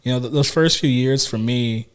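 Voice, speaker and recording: A man's voice: medium pitch, normal speed, a little hiss or hum. A man co-hosting a casual podcast chat, rambling with many restarts and fillers. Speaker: podcast co-host.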